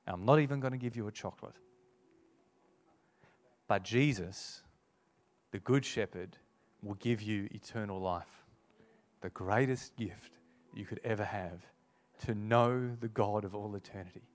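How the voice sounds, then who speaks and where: A man preaching a sermon and altar call, earnest and repetitive, slowing down to quote scripture. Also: lowish voice. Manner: earnest, repeats key phrases, slows for scripture.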